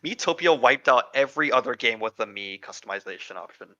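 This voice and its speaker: A man co-hosting a casual gaming podcast, excitable and quick to exclaim. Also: medium pitch, muffled recording. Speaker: podcast co-host.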